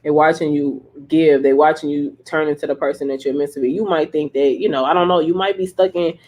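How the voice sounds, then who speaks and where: A woman's voice: low voice, steady tone, a little fast, a little mellow. A woman giving a casual tarot reading on a livestream, rambling and profane, laughing often and repeating herself for emphasis. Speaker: tarot reader.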